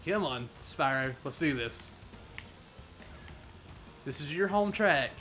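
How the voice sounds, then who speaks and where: Bright, playful young male streamer. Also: on the high side, takes it slowly, faint music behind. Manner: playful, jokey, excitable. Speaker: gaming streamer. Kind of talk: live gameplay commentary.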